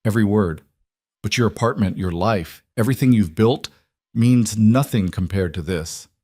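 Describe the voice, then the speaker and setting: A man voicing a steady, earnest wealthy man in his forties in a narrated romance story. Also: on the low side, moderate pace, slightly rough, no room sound, studio quality.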